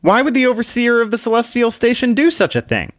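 A man's voice: very high-pitched, sing-song, fast, dry recording, studio quality, pitched above the performer's own voice. A man voicing an irritable, suspicious grown man who answers with short questions.

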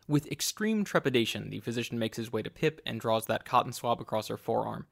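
A man narrating a tabletop role-playing game as game master, lively and playful. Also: medium pitch, moderate pace, vocal fry. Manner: lively, acts out scenes with laughs.

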